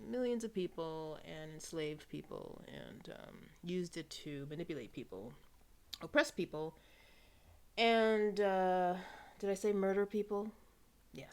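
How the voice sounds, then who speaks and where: A New York woman with a low-pitched, clean-toned voice vlogs in a casual monologue to camera on her own channel. Chatty and wry, she drifts between livelier remarks and hushed, soft asides, sometimes slipping into playful put-on voices.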